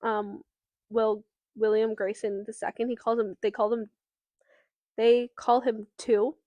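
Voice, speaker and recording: A woman co-hosting a podcast recaps a novel's plot in casual book talk, using fillers and some swearing. Her voice is on the high side and dark, with a flat, unhurried delivery. The lo-fi recording has no room sound.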